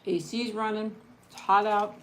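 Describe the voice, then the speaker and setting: A woman hosting a casual eat-and-chat livestream, talking softly and rambling, with frequent laughs. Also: medium pitch, level tone, a little slow, a little hiss or hum. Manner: chatty, soft-spoken, rambling, laughs often. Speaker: mukbang channel host.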